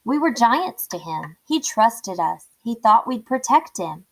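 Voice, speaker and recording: A woman reading aloud, voicing a soft, earnest, slightly timid little boy who loves bugs. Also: fairly high pitch, very animated, unhurried, full character voice. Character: gentle, bug-loving little boy.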